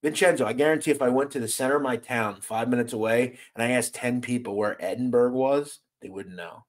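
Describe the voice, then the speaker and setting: An American man on a casual livestream reads chat comments aloud and answers them bluntly. His mid-range voice is brisk, and he swears freely and sounds exasperated.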